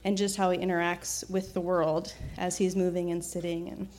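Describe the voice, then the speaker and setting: A woman telling a personal story in a casual, reflective way, with frequent fillers, restarts and soft laughs. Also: lowish voice, level tone, moderate pace.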